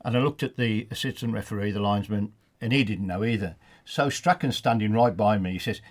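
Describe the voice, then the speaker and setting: A man with a Black Country accent, a retired football referee telling funny anecdotes in a relaxed studio chat. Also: fairly low pitch, fast, hardly any pauses. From England. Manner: anecdotal, laughs at his own stories, many restarts. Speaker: studio guest, former referee. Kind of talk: storytelling in a casual chat.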